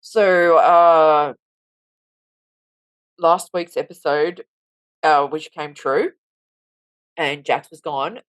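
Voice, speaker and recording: A woman's voice: low voice, very slow, long pauses, no echo. A woman co-hosting a podcast, telling stories in a casual chat and mimicking people as she goes. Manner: animated storytelling with mimicry. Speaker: podcast co-host.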